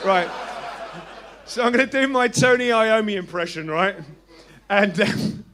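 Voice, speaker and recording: An English man performing stand-up comedy in a club, animated and sweary with emphatic asides. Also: high-pitched, a little slow.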